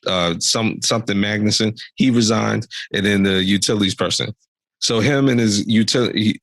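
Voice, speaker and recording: Gravelly, husky man ranting on a podcast. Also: fairly low pitch, dry recording. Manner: animated, exasperated ranting with mock quotes. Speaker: podcast co-host. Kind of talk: casual political commentary.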